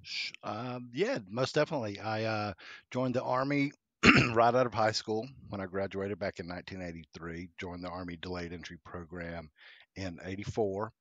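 Fifties man from Georgia, US, podcast guest; low voice, halting with ums. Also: a bit bright, no echo, muffled recording. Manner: hesitant, with many ums and restarts. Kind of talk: casual interview storytelling.

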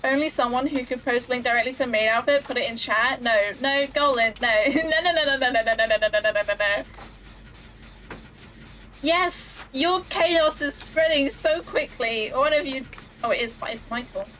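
Giggly bright-voiced woman streamer. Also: high voice, normal speed. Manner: giggly, flustered, talks to chat. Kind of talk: casual live-stream chat while gaming.

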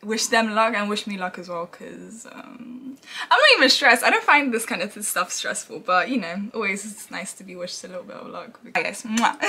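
A woman's voice: medium pitch, moderate pace, vocal fry, hardly any pauses, background noise. A young woman in her twenties vlogging casually, chatty and rambling, often laughing as she talks. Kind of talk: casual vlog chat. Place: around a rehearsal venue and central London.

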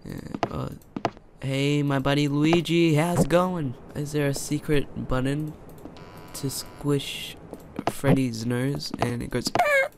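A young man doing let's play commentary on a horror game, excitable, chatting to the characters and yelling when startled. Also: on the high side, slow pace, gravelly, heavy background noise. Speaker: gamer.

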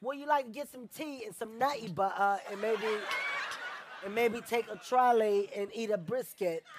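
A man doing a deliberately awful put-on English accent as a cheerful mock-posh Englishman, half laughing as he goes. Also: sits high, background noise, voice pushed up, lightly acted. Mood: playful. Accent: fake English put on by an American. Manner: exaggerated, laughing through the lines.

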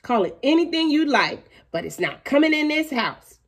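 A woman's voice: high-pitched, sing-song, moderate pace, voice pushed up. A woman voicing a firm, no-nonsense farm mother in a storybook read-aloud.

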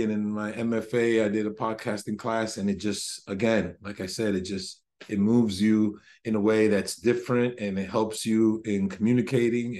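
A man's voice: fairly low pitch, darkish tone. A man sharing thoughts in a casual video-call discussion, rambling and enthusiastic as he corrects himself. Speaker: symposium participant.

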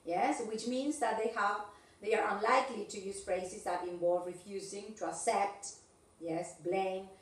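A woman's voice: mid-range voice, fairly even intonation, a little slow. A woman teaching an English class. She keeps checking understanding with "yes, okay?". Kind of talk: online class instruction. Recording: echoey room, distant mic.

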